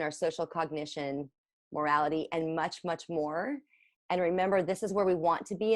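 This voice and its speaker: A woman's voice: lowish voice, no room sound, clean studio sound. A woman in her forties, a parent coach, giving an earnest, encouraging workshop presentation with slides. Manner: earnest, encouraging, repeats for emphasis.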